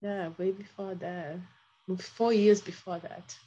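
A woman guest telling personal stories in a halting, reflective way, repeating phrases, with non-native grammar. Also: mid-range voice, steady tone, dark tone, lo-fi sound. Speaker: podcast guest. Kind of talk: emotional personal storytelling.

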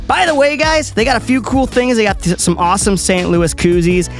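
A man's voice: high-pitched, animated, a little fast, faint music behind. A man co-hosting a casual sports talk show, reading sponsor spots with upbeat enthusiasm. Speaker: co-host.

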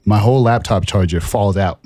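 A man with a fairly low voice co-hosts a podcast and spins a long personal story in casual chat. He tells it with lively self-mockery and often laughs at his own clumsiness. The sound is close and dry, with almost no room around it. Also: brisk, no echo. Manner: animated, self-mocking storyteller who laughs at himself. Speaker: podcast co-host.

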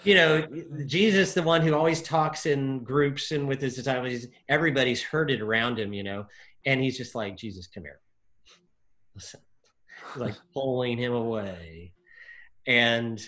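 A man discussing a Bible passage in casual chat, animated, acting out the figures' lines with lots of fillers. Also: mid-range voice, moderate pace. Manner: animated, acts out quotes, many fillers.

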